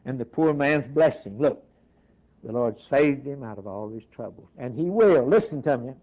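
A man preaching a sermon, repeating key phrases and swinging from loud, emphatic lines to hushed ones. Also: medium pitch, expressive, moderate pace. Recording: dull lo-fi sound.

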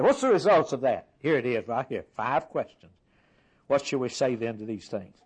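A man's voice: mid-range voice, sing-song, moderate pace, breathy edge, poor audio. A man preaching a sermon, stringing words into rhythmic, emphatic lists.

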